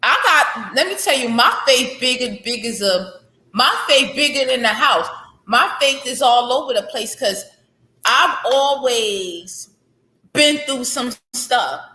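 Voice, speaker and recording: A woman in her thirties talks about faith and healing with a bright, forceful voice sitting a little high. She circles back on her phrases for emphasis. The sound is roomy and echoey. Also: expressive, measured pace. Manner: heartfelt, faith-filled, repetitive emphasis. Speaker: author guest. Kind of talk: candid interview conversation. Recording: echoey room.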